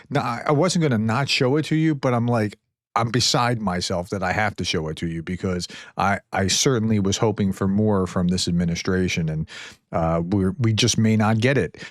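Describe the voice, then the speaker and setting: A man's voice: fairly low pitch, dry recording, clean studio sound. A man giving earnest, casual commentary on translated clips, paraphrasing quotes in a plain reading voice.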